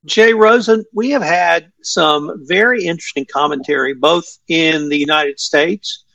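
A man with a Texan accent hosting a podcast roundtable, putting measured questions to his guests. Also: a little high, gravelly, pushed and bright, no echo, distant mic. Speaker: podcast host.

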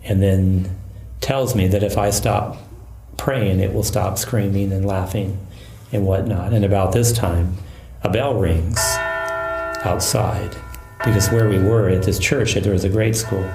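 A man who is a Catholic priest and exorcist, calmly recounting a case in an interview. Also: deep voice, gravelly. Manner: calm, measured storytelling. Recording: echoey room.

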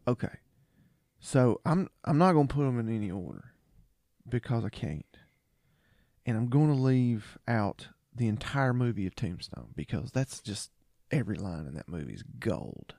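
A man co-hosting a casual podcast, trading favorite movie quotes. His pitch swings a lot as he gets worked up, and his voice sits mellow and dark. The sound is dry and close. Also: moderate pace, no echo. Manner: animated, quotes movie lines with laughter. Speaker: podcast co-host. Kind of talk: casual chat.

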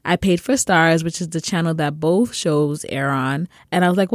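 Woman co-host; lowish, dry-sounding, gushing and rambling. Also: moderate pace, hardly any pauses, no room sound. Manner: enthusiastic, rambling, many "like"s and laughs. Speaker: podcast regular, co-host. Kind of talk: casual chat.

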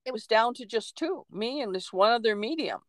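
A woman co-hosting a podcast, a medium telling a story in a lively, chatty way with laughs and acted-out quotes. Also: a little high, brisk, dry recording, low-quality recording. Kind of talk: casual storytelling chat.

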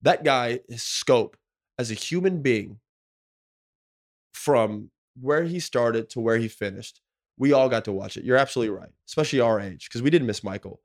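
Podcast co-host, man in his thirties, slangy, profane and emotional, mid-pitched voice. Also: normal speed. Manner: emotional storytelling, slangy and profane, full of "like" and "bro". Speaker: podcast co-host, former pro basketball player. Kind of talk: casual podcast chat.

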